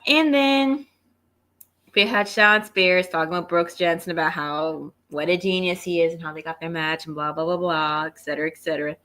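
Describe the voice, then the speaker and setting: A woman's voice: lowish voice, steady tone, moderate pace, bright, forceful tone. A woman co-hosting a wrestling review show, recapping in an offhand, breezy way.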